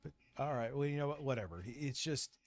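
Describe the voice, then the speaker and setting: A man's voice: medium pitch, fairly quick. Blunt, sarcastic man reacting on stream. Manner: blunt, sarcastic, swears freely. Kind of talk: casual reaction commentary.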